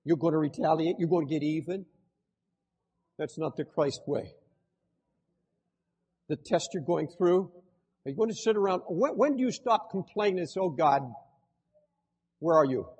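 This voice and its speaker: An older man preaching a sermon as pastor, swinging between loud impassioned outbursts and hushed pleading. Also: on the high side, normal speed, long pauses, slightly rough, big-room sound.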